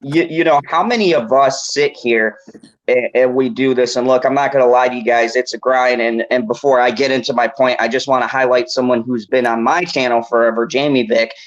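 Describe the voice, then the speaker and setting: A man's voice: medium pitch, fairly even intonation, brisk. Man, stream host, casual chat, dull lo-fi audio.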